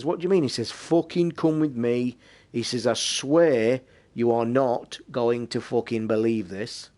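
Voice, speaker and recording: Sweary man telling a story. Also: medium pitch. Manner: sweary, animated anecdote-telling. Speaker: podcast host. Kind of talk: casual storytelling.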